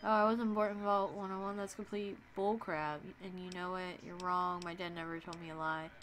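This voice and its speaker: A woman's voice: lowish voice, flat delivery, a little fast, a bit bright, slight background noise. Playful woman gamer commenting. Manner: playful, sarcastic, reads dialogue options aloud. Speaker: let's play gamer. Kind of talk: casual gameplay commentary.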